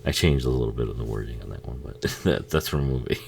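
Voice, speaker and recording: A man's voice: rumbling low, fast, creaky, a little mellow, slight background noise. A man casually talking over a movie he is watching, swearing a lot, laughing often and joking at the screen. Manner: profane, laughing, jokey, talks back to the screen. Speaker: film commentary host.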